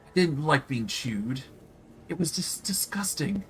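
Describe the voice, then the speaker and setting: A man's voice: on the high side, animated, a little slow, slight background noise, pitched above the performer's own voice, rough recording. A man doing a whiny, vain demon queen. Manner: whiny, petulant, clumsily flirtatious. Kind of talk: reading game dialogue aloud on stream.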